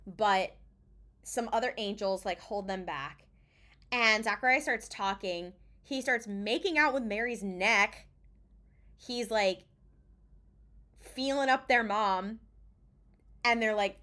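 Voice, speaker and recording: A woman co-hosting a podcast, recapping an episode in a casual, animated way and acting out the characters' lines, swearing freely. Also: medium pitch, takes it slowly, pauses often. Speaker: podcast co-host.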